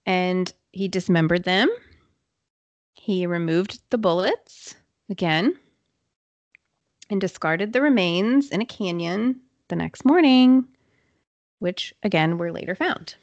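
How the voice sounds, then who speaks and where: A woman hosting a podcast, telling a true crime story in a casual, chatty way with quick asides and fillers. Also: fairly low pitch, lively intonation, dry recording, dull audio. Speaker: podcast host.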